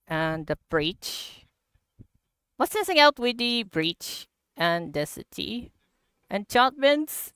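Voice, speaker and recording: A woman streaming a block-building game, talking through the update in slow, halting English with frequent laughter. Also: lowish voice, a bit bright, clear, resonant tone, no echo. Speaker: gaming livestreamer. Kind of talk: casual game commentary.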